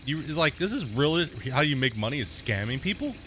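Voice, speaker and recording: A man's voice: on the high side, very animated, brisk, a bit bright, slight background noise. A man streaming a game live, chatting casually and rambling through stories, often tagging sentences with "right?".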